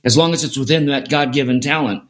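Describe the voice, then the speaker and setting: A man's voice: mid-range voice, fast talker. A man guest in an interview, telling a personal story in an earnest way and repeating phrases for emphasis. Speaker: podcast guest.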